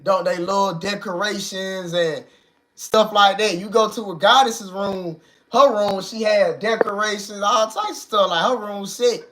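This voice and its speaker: Bright high-voiced young man talking casually. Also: unhurried. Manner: animated, streetwise, leans on "bro" and "man". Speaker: video host. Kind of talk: casual slangy monologue to viewers.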